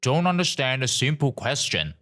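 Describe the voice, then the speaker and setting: A man's voice: medium pitch, sing-song, moderate pace, pitched above the performer's own voice. A man doing a rude, swearing angry man. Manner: shouting insults.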